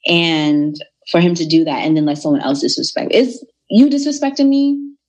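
A young woman telling a personal story in a casual, animated way, acting out the people in it. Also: on the low side, normal speed. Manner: animated, retells dialogue in voices.

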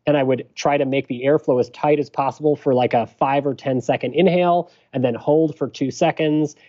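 A man who is a physician guest on a podcast interview, explaining things in a measured, careful way. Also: medium pitch, steady tone, mellow, highs cut off.

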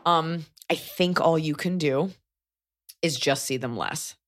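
A woman's voice: sits low, slow pace. A woman in her thirties co-hosting a podcast, chatting casually with blunt, wry asides. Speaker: podcast co-host. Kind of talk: casual chat.

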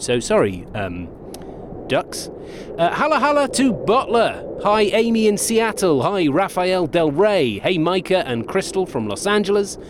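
A man's voice: a little high, noisy background. An actor playing a cheery, chatty male sidekick who rambles and jokes.

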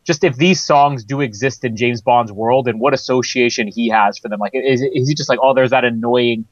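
A man's voice: mid-range voice, moderate pace, dry recording, muffled recording. A man hosting a casual film podcast, rambling and chatty with fillers and laughs. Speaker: podcast host.

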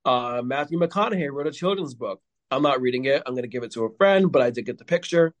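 A man's voice: mid-range voice, expressive, fast talker, no room sound. A man, a podcast guest, telling rambling stories in casual chat with lots of fillers. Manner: rambling storyteller, heavy with fillers.

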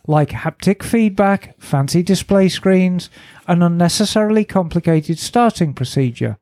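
A woman's voice: fairly low pitch, mellow, no room sound. A woman co-hosting a casual motorcycle podcast, reading a listener's email aloud with dry asides. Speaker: podcast co-host. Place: garage studio.

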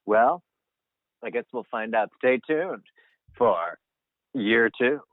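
A man's voice: mid-range voice, takes it slowly, no echo. A man co-hosting a comedy podcast with jokey quips, heard over a tinny remote line. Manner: jokey, dry quips, big swings in delivery. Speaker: podcast co-host. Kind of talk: casual comedy podcast chat.

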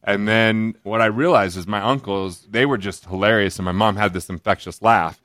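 A man from Utah, a podcast guest, telling stories in an animated, joking way. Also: fairly low pitch, no room sound, studio quality. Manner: animated, jokey, quoting others in quick asides. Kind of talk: casual storytelling.

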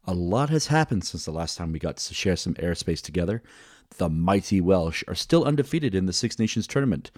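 A man's voice: low voice, sing-song, brisk, no room sound, clean studio sound. A man hosting a podcast, chatting casually with a playful, jokey manner. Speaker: podcast host. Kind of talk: casual chat.

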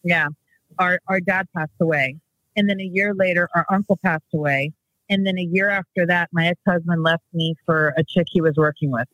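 A woman's voice: lowish voice, steady tone, normal speed, fairly bright tone, no room sound, dull audio. A woman telling a family story in casual conversation, rambling and correcting herself as she goes. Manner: rambling, self-correcting, acts out quotes.

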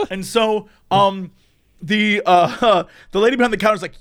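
A man telling a story in casual chat. He is animated, laughs often and acts out the voices. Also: sits high, moderate pace. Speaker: podcast storyteller.

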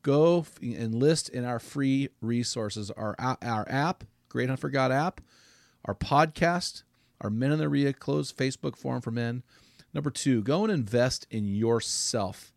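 A man's voice: mid-range voice, unhurried, gravelly, no room sound, studio quality. A middle-aged man hosting a men's podcast, speaking in an earnest, heartfelt, preacherly way. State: choked up. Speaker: podcast host. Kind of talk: casual men's podcast talk.

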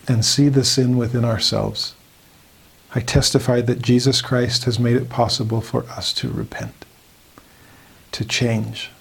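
Husky gravelly guy teaching scripture, earnest, slows way down on the verses. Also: mid-range voice. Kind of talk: devotional scripture lesson.

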